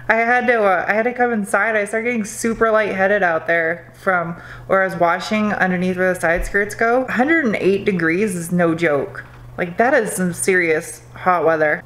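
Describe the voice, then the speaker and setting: A woman's voice: on the low side, fairly bright tone, rough recording. A young woman talking casually to camera while working on her car in her garage, chatty and self-mocking. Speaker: car vlogger. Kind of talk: casual vlog talk to camera. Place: home garage and driveway.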